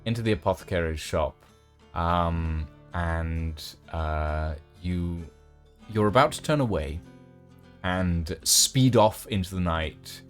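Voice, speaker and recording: Low-voiced guy running a tabletop game, really slow, lots of ums, faint guitar behind. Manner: unhurried, full of ums and uhs. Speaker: game master.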